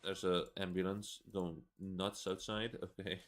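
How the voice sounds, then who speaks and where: A man's voice: sits low, little pitch movement, unhurried. A man in his twenties giving casual, rambling gameplay commentary, swearing a lot and laughing between rants. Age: 20s. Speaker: gaming video creator.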